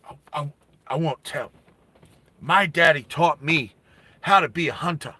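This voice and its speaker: Small nervous kid worker, stammers, bright tone; man plays him. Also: fairly high pitch, unhurried, husky, no echo, full character voice. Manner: stammering, hesitant.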